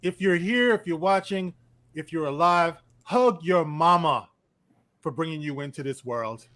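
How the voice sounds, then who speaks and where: A man's voice: a little high, a little slow, fairly bright tone. A man on a livestream podcast panel, upbeat and exclamatory in casual chat.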